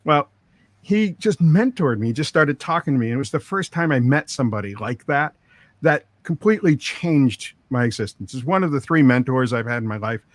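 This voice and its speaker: Speaking briskly and expressively at a medium pitch, a middle-aged man guests on an interview. He's a record producer, and his studio tales ramble on at length, full of lines he quotes from others.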